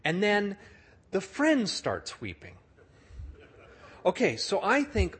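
Animated, slightly husky male storyteller. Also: sits high, slow, pauses often. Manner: animated storyteller, acts out the people he describes. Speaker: speaker telling a story to an audience. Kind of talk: storytelling sermon.

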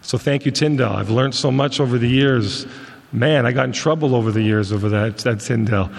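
Speaking as a guest, this Montreal ministry leader fills a folksy sermon talk with anecdotes and stories. His mid-range voice is fairly quick and has vocal fry, echoing with the long reverb of a big hall.

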